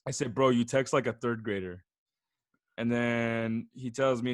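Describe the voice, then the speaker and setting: A young man on a casual podcast, laughing as he reads out texts in a flat, teasing voice. His pitch sits in an ordinary middle range, and the sound is dry and close, with no room around it. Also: unhurried, smooth, no room sound. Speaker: podcast host. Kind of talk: casual chat.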